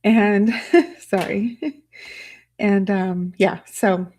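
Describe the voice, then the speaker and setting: Soft-spoken rambling woman livestreamer. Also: mid-range voice, steady tone, drawn-out words. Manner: soft, rambling, emotional, with frequent fillers. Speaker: livestream host. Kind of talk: casual livestream chat.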